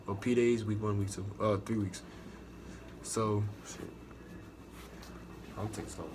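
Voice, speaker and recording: A young man with an American accent talks straight to the camera, swearing freely and doubling back on himself as he tells his story. His voice sits a little low, and a faint hiss of noise runs under it. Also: steady tone, slow pace. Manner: profane, rambling, restarts a lot. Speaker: navy recruit sharing experience. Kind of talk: casual storytelling vlog.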